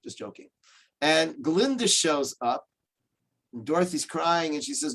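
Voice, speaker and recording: Joking rabbi teaching over a video call. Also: male voice, on the high side, moderate pace. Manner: joking, animated storyteller. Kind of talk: humorous storytelling lecture.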